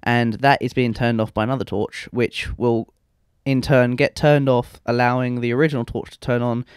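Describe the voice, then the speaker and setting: A man's voice: medium pitch, fairly even intonation, moderate pace, clear, resonant tone, no room sound, studio quality. A young man giving rambling, self-mocking gameplay commentary and swearing freely. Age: young adult. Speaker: let's play host.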